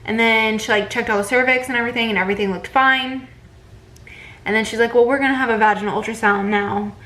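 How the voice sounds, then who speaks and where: A woman's voice: a little high, fairly even intonation, quick pace, sharp tone, poor audio. A young pregnant woman, chatting casually in a vlog and retelling a bad appointment with lots of fillers. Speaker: vlogger.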